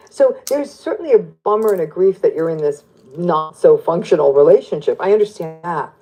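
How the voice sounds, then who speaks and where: A woman psychologist explaining in an interview, animated and lively as she acts out what people say. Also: on the low side, brisk, few pauses, soft background music, low-quality recording. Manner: animated, plays out quoted voices. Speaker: psychologist guest.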